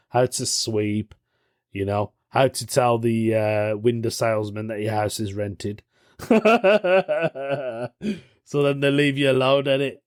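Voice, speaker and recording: A man's voice: medium pitch, no room sound, studio quality. Jokey man hosting a podcast. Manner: jokey, laughs often, rambling asides. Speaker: podcast host. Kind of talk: casual chat.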